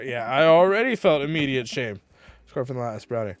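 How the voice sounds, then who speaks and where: Man, tipsy, giggly, casual game stream, reads dialogue aloud, mid-pitched voice, dry close sound. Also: animated, brisk, no room sound. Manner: giggly, laughs often between lines.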